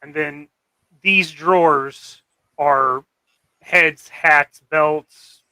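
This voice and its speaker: A young man hosting a live stream about customizing toys, chatting casually and easygoing, halting now and then with fillers. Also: a little high, steady tone, bright, forceful tone, clear, resonant tone, no echo. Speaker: host and toy customizer.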